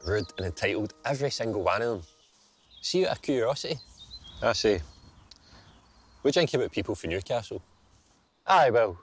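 A man's voice: mid-range voice, breathy edge. A Scottish man narrating a documentary in a wry, reflective way and acting out both sides of a conversation as he tells it. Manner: wry and reflective, acting out dialogue in his storytelling. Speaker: documentary presenter and spoken-word poet. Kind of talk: documentary narration and performed spoken word.

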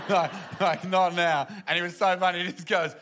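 A man doing stand-up, telling animated family stories and acting out the people in them. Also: high-pitched, normal speed, slight background noise. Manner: animated, acts out family members in loud voices. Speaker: stand-up comedian. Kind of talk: stand-up storytelling. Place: comedy venue with audience.

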